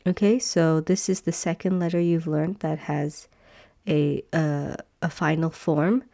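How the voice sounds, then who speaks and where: A woman teaching a beginner language lesson over slides, patient, repeating each sound slowly with many fillers. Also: sits low, steady tone, creaky, dark tone.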